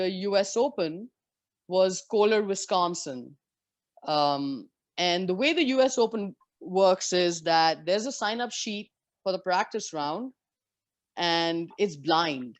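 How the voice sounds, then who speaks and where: A woman in her forties from India, a former professional golfer, telling lively and candid stories as an interview guest. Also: lowish voice, dry recording. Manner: lively, candid anecdotes with frank swearing. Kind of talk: storytelling in a conversation.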